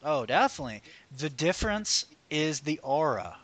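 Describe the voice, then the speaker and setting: Male podcast host, higher-pitched, dry close sound; brash, profane, opinionated, argues hard in loose chat. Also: normal speed, dry recording. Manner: animated, often mimics people mid-story.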